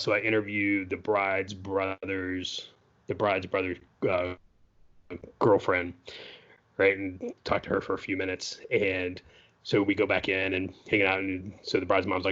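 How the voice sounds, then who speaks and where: A man's voice: on the low side, flat delivery, normal speed, fairly bright tone, dull audio. A man co-hosting a podcast, telling a story in a loose, chatty way, full of "you know" and "right?" asides. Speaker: podcast co-host. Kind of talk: casual storytelling.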